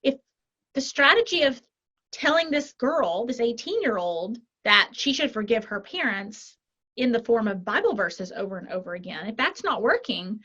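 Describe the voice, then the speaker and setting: A woman life coach talking as a podcast guest, animated, walking through example scenarios and checking in with frequent tag questions. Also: on the high side, moderate pace, dull audio. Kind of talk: conversational interview.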